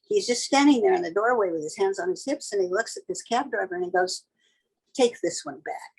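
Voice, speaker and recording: A woman's voice: mid-range voice, lively intonation, quick pace, vocal fry, slightly rough, low-quality recording. An older woman, a tattoo artist, telling a vivid story in a blunt, casual and sometimes profane way.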